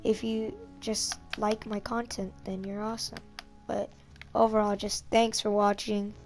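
A young woman commentating her own shooter gameplay, sick and with an upset stomach, yelling in frustration and then calming down. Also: medium pitch, a little slow, soft background music. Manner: yells in frustration, then calms down. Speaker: gaming YouTuber.

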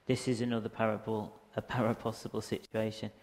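Gravelly man giving a rambling lecture. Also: on the low side, little pitch movement, brisk, darkish tone. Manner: rambling, hesitant, frequent ums. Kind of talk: casual lecture with slides. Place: lecture hall in a museum. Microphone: handheld or stand microphone. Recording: reverberant lecture hall.

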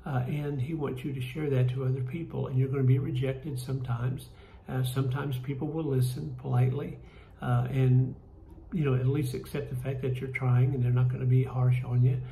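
A man with a Kentucky accent leading a church Bible study, folksy and halting, with many fillers and restarts. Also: medium pitch, little pitch movement, gravelly, dark tone, reverberant, a little hiss or hum, rough recording. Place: church room.

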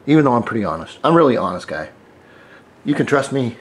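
A man's voice: medium pitch, sing-song, moderate pace, long pauses. A middle-aged man giving a casual how-to vlog from his workshop, rambling, joking and cussing freely as he spray paints parts. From United States. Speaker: scooter hobbyist vlogger.

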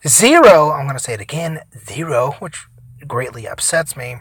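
A tired young man giving casual, profane gameplay commentary, rambling between loud outbursts and mumbled asides. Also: a little high, very animated, moderate pace, husky, no room sound. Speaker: gaming vlogger.

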